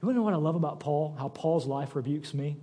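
A male pastor preaching a sermon, telling stories with animated, acted-out quotes. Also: on the high side, quick pace, slightly rough. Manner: animated storytelling, acts out quoted voices. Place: church sanctuary. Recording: church sanctuary with long reverb.

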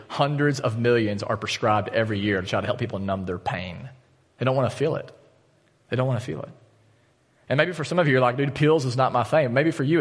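Earnest male pastor in a reverberant hall. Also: mid-range voice. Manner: earnest, direct appeals to the congregation. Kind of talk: sermon. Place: church auditorium. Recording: long church hall reverb.

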